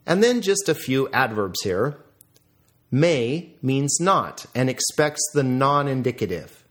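A man teaching, reviewing vocabulary in a deliberate lecture style with careful pronunciation drills. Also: mid-range voice.

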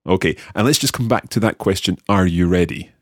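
A man hosting a podcast language lesson, carefully and slowly repeating phrases after his co-host. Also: low-pitched, dry recording, clean studio sound. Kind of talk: friendly scripted lesson banter.

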